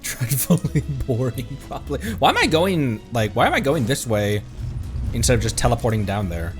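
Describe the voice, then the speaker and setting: A man's voice: mid-range voice, sing-song, brisk, faint music behind. A male streamer giving casual gameplay commentary, joking, laughing often and talking back at the game.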